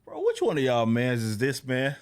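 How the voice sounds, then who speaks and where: A young man reacting to a clip in casual commentary, mocking and repeating himself, rising higher as he gets animated. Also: moderate pace. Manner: casual mocking, repeats words, rises in pitch when animated. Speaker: YouTube commentator.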